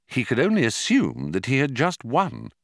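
Male audiobook narrator, measured dry delivery, very lively pitch. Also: no echo. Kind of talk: scripted narration.

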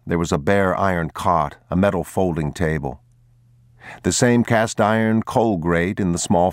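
A man reading a novel aloud in a grave, measured audiobook narration. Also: deep voice, no echo, studio quality.

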